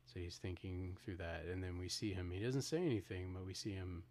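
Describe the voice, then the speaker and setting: A man with a very low voice co-hosts a podcast. He retells a film's ending in casual talk, restarting his sentences and acting out the characters' lines. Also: fairly even intonation, a little fast, darkish tone. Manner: retells scenes with acted-out quotes, frequent restarts. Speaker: podcast co-host. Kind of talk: casual film discussion.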